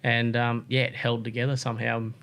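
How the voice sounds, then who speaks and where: An Australian man, a podcast guest, telling stories in a relaxed, rambling way full of "like" and "um". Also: mid-range voice, fairly quick. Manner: relaxed, rambling, many "like" and "um" fillers. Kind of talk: casual interview storytelling.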